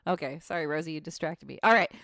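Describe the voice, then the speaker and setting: A woman's voice: deep voice, quick pace, dry recording. A woman co-hosting a casual podcast, telling ghost history from her notes with frequent laughs and asides. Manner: animated storyteller, laughs often, asides.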